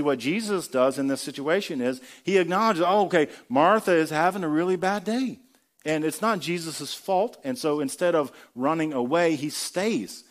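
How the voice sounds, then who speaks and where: A man giving a sermon in a conversational preaching style, asking the congregation rhetorical questions. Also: medium pitch. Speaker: pastor.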